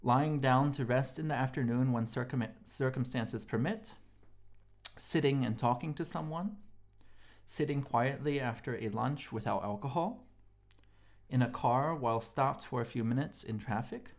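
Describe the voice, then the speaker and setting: A sleep-deprived man co-hosting a podcast in casual chat, tired and yawning, talking haltingly with many ums and restarts. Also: mid-range voice. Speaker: podcast co-host.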